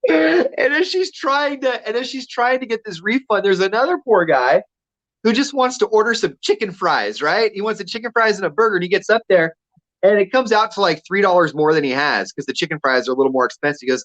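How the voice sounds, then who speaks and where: A man's voice: sits high, expressive, a little fast, a bit bright. A man co-hosting a radio show, telling a story casually and acting out the quotes with energy.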